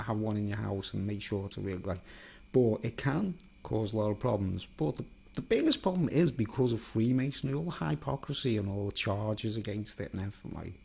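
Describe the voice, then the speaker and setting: A man's voice: lowish voice, creaky, mellow, husky. A man delivering a digressive, conspiratorial solo monologue, constantly seeking agreement. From England. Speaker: vlogger.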